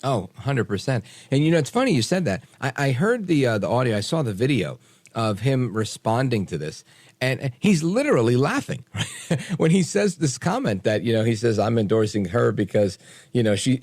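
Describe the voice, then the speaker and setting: Animated male radio talk host. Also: medium pitch, no room sound. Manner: animated, opinionated, quick asides. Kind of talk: late-night talk radio. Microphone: studio microphone.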